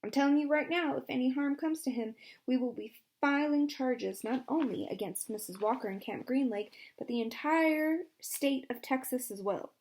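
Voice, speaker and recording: A woman voicing a sharp-tongued, fierce female lawyer in a storybook reading, talking forcefully. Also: on the high side, animated, normal speed, close to an everyday voice. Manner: forceful, snapping.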